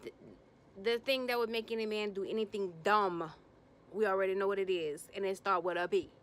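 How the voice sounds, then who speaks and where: Woman spilling tea on a reality show ep, slangy and blunt, mid-pitched, jumps up high when she mimics folks. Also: brisk. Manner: animated, acts out quotes in bursts of higher pitch; slangy, blunt, sassy commentary. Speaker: reality TV recap host. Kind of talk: casual episode recap.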